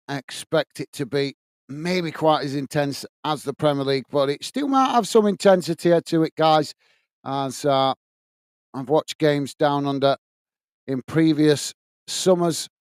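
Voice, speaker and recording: A friendly man hosts a live football watch-along, chatting casually and greeting viewers by name. His voice sits a little high and comes across smooth and resonant. The sound is dry and close, with no room echo. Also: a little mellow. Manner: chatty, friendly, calls viewers mate and guys. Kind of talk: casual live commentary and chat.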